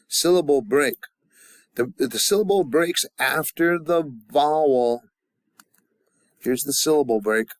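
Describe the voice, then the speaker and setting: A man at an even, middle pitch teaches a classroom lesson at an unhurried pace. He leads call-and-response drills and often stops to restart his sentences. The sound is dry and close. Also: no echo. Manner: halting, with many fillers and restarts. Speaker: language teacher.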